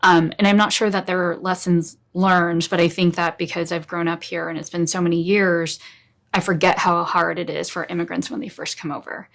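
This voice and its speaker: A woman from the United States with a slightly low voice answers as an interview guest. She speaks thoughtfully and at a measured pace. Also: flat delivery, creaky, a bit bright. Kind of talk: casual interview talk.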